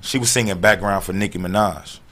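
A man telling stories in an animated, profane way as a podcast guest in a casual chat. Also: deep voice, fairly quick, a little hiss or hum.

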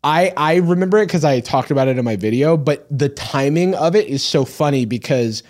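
A young man co-hosting a podcast, talking haltingly with many restarts in casual chat. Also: a little high, darkish tone. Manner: halting, restarts often, laughs while talking. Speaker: podcast co-host.

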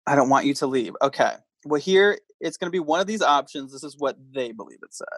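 Higher-voiced playful male podcast host. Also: lively intonation, quick pace, fairly bright tone, dry recording. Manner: playful, quizzing a guest with multiple-choice options. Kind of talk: casual chat.

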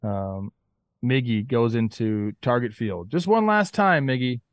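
A laid-back man rambling as a sports podcast co-host. His voice sits mid-low and is recorded close and dry. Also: animated, measured pace, no echo. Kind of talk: casual sports chat.

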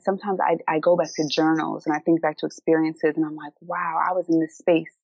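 Philly-accented woman podcast co-host, low and gravelly, dry close sound, candid storyteller. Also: a little mellow, dry recording, highs cut off. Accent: Philadelphia. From United States. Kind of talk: casual live conversation.

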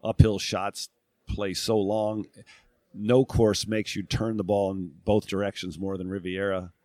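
A man's voice: on the low side, little pitch movement, unhurried, mellow, dry recording. A middle-aged man from New England, a guest in a casual interview, talking reflectively and thinking aloud with many fillers and restarts. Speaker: guest, former tour golfer and broadcast analyst.

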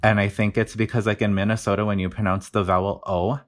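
A man's voice: fairly low pitch, little pitch movement, quick pace. A man from the Mountain West explaining his research in a casual interview, with many fillers and restarts. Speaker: linguistics researcher guest.

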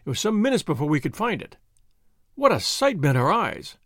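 A man narrating a story in a measured, expressive way. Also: high-pitched, dry recording, clean studio sound. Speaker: audiobook narrator. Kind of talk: scripted narration.

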